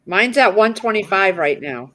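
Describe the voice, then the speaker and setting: A woman streamer in a casual group chat, her voice at an ordinary middle pitch. She talks in a chatty, matter-of-fact way. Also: expressive, normal speed, pushed and bright, a little hiss or hum, rough recording.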